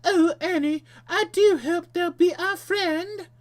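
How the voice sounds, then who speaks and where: A man's voice: extremely high pitch, slow, a bit bright, voice pushed up, heavily acted. A man putting on the voice of a creepy, unhinged young woman who talks to herself, swapping into a prim British lilt. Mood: creepy, shrill.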